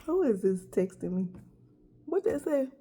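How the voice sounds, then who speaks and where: Sex: woman. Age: middle-aged. Pitch: high. Pace: slow, unhurried. Style: chatty eat-with-me vlog, storytelling straight to viewers. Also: big pitch swings, dark tone, a little hiss or hum. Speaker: vlogger. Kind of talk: casual eat-with-me chat.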